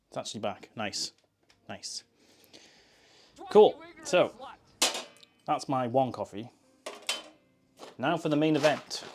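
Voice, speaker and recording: A man's voice: mid-range voice, background noise. A man chatting casually on a live stream, joking and answering chat while he makes coffee.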